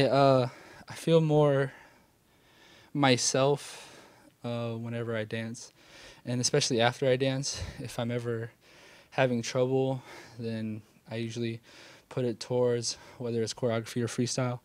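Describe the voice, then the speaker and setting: A man's voice: mid-range voice, flat delivery, moderate pace, clean tone, no room sound. A young man in his late teens from California, answering interview questions thoughtfully and hesitantly, with many fillers. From California, USA. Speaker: interviewee, dancer. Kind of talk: casual interview.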